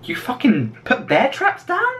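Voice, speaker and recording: A man's voice: very high voice, wildly swooping pitch, a little slow, heavy background noise. A man commentating his own horror game playthrough, jumpy and swearing, yelping when startled. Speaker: gaming video host. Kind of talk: let's play commentary.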